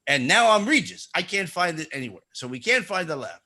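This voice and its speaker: A man's voice: sits high, very animated, fairly quick, pushed and bright. A man hosting a radio talk show, rambling through self-mocking complaints into a studio mic. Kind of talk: casual radio chat. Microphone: studio microphone.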